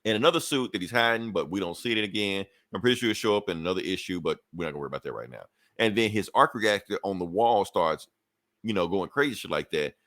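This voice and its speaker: Casual comic podcast co-host, male, lowish voice, dry close sound, rambling profane recap. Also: lively intonation, quick pace, fairly bright tone, no room sound. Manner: loose, profane storytelling with filler asides.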